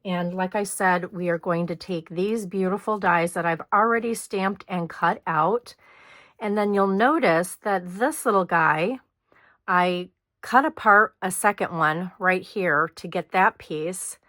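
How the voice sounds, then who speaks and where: A middle-aged woman talks viewers through a scrapbooking project at a slow, easy pace, her voice a touch low and slightly hoarse. She chats as she works, stopping now and then to clear her throat. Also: fairly bright tone, dry recording. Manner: chatty, talks while working, frequent throat clearing. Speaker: scrapbooking host. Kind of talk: hands-on craft tutorial.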